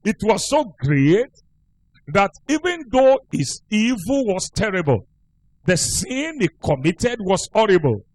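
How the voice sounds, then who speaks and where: A man's voice: high voice, sing-song, slow pace, a little mellow, poor audio. A male pastor preaching a sermon, telling a story with emphatic delivery.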